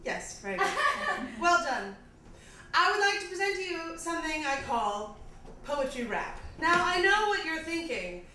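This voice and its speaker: A woman performs character stand-up in a mock British accent. Her voice is high and bright, and her delivery is grandiloquent and pompous as she laughs at her own lines. The sound is distant and echoey, with a faint hiss in the hall. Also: big pitch swings, unhurried. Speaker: comedian performing a one-woman show. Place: comedy festival stage.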